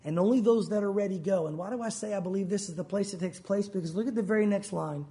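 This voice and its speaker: Male preacher with a very high voice, emphatic sermon delivery, acts out quoted voices. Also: fast, mellow. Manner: acts out quoted voices, rising pitch for pleading lines.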